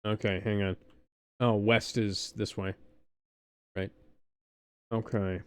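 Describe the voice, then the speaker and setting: A man's voice: fairly low pitch, level tone, slow pace, clean tone, no room sound. A man streaming an old adventure game, reading its narration aloud and adding wry, laid-back comments into a close microphone at home. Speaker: let's play streamer.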